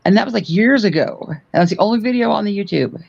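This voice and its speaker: A man chatting as a guest on a livestream, halting and restarting his words as he talks. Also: high voice, animated, creaky, darkish tone, highs cut off. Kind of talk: casual chat.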